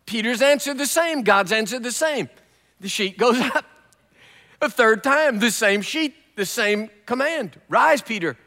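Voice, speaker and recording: A man preaching a sermon as a guest preacher, telling the story in a lively way with humor. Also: extremely high pitch, unhurried, big-room sound.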